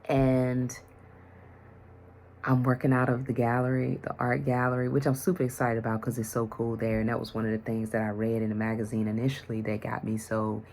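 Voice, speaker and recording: A woman's voice: very deep voice, level tone, fairly quick, darkish tone, a little hiss or hum. A woman vlogging, telling a personal story casually and animatedly, acting out the conversations in it. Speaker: vlogger, mental health worker and yoga teacher.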